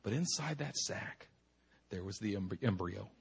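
A middle-aged male pastor preaching a sermon with impassioned emphasis, swinging from hushed tones to shouting and repeating words for effect. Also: lowish voice, animated, moderate pace, gravelly, breathy edge. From United States.

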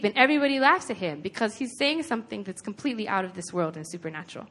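A woman's voice: mid-range voice, lively intonation, fast, few pauses, a bit bright. A woman preaching a sermon in an earnest, conversational way, retelling a scripture story with lots of casual "like"s.

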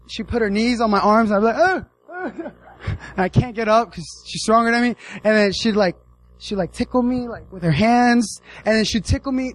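Animated high-voiced young man preaching. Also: poor audio. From United States. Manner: animated storytelling with playful voices for characters. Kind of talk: casual sermon.

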